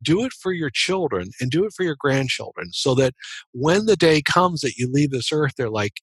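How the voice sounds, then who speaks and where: A man's voice: a little high, sing-song, normal speed, husky, no echo. A middle-aged man, a guest author and business coach, telling a story in a casual interview in an earnest way, with frequent restarts and small laughs.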